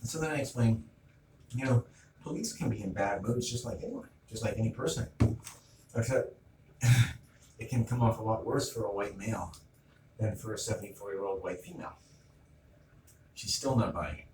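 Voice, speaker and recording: A man's voice: lowish voice, moderate pace, pauses often, darkish tone. Middle-aged man ranting, distant and echoey. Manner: agitated, retells arguments with quoted back-and-forth. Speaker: vlogger. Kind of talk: ranting monologue. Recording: roomy, distant mic, noisy ambience.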